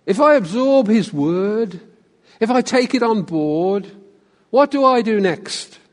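High-voiced preacher in a reverberant church. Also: male voice, lively intonation, takes it slowly. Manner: asks the congregation questions, drops to a hush on key phrases. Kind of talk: sermon.

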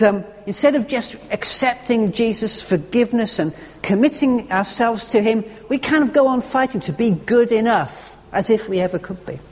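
A man delivers a sermon in a relaxed, earnest, conversational way, often stopping to read passages aloud. His voice sits high for a man. A long reverb from a large church room trails after his words. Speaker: preacher.

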